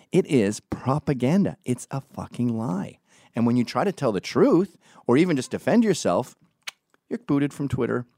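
A man vlogging into his own camera in an animated, profane rant, mimicking the people he talks about. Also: medium pitch, no echo, studio quality. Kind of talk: ranting monologue to camera.

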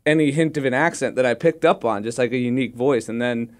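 A man co-hosting a podcast, talking in measured casual chat. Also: mid-range voice. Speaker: podcast co-host.

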